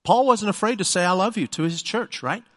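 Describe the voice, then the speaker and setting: A man's voice: sits high, a little fast, fairly bright tone, long reverb tail. A middle-aged man preaching a sermon as a pastor, emphatic and conversational, asking the congregation rhetorical questions.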